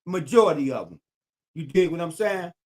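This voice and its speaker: A man's voice: fairly high pitch, animated, normal speed, darkish tone. Older man preaching in AAVE. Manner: preachy, repetitive, emphatic. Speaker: YouTube channel host. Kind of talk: streetwise commentary monologue.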